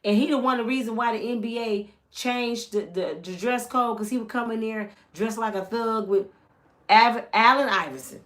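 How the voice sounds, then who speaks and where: A woman's voice: on the high side, moderate pace, hardly any pauses. A middle-aged woman from the United States chatting casually and teasingly as a channel host, drawling and chatty. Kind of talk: casual gossip commentary.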